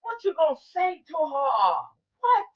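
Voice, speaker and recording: A woman preaching in a rousing call-and-response style, shouting exclamations to her listeners. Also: very high-pitched, very animated, a little slow. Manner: exclamatory, shouts "What?" and "Woo". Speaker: spiritual motivational speaker. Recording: lo-fi with faint music.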